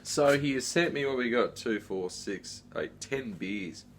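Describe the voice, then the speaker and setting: A man's voice: medium pitch, unhurried, noisy background. A middle-aged man rambles casually through a beer unboxing, full of fillers and asides. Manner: rambling, chatty, with many fillers. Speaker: beer reviewer.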